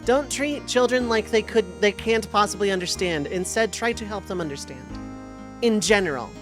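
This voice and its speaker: A woman's voice: mid-range voice, normal speed, over music. A young adult woman streamer chatting casually while playing a video game, rambling with lots of restarts. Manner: rambling, filler-heavy, with repeated restarts. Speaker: let's play streamer. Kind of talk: casual chat over gameplay.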